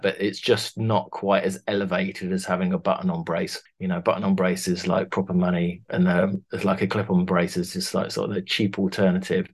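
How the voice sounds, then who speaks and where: A man's voice: low-pitched, a little mellow. A man, a costume designer talking casually in an interview, rambling with many restarts. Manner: rambling, many restarts, laughs through stories.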